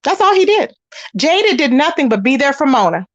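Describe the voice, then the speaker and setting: A woman hosting a casual commentary channel, animated and sassy, talking straight to her listeners about online drama. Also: high voice, brisk, no echo, lo-fi sound. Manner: animated and sassy, calls listeners y'all and baby.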